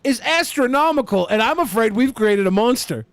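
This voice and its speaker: A man's voice: very high voice, lively intonation, normal speed, a bit bright, no room sound. A man hosting a podcast, ranting crudely and with animation in comedic banter. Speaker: podcast host.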